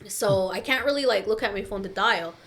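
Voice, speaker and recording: A woman on a podcast telling a story in casual chat, animated and profane, acting out the people she quotes. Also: mid-range voice, brisk. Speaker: podcast guest, daycare teacher.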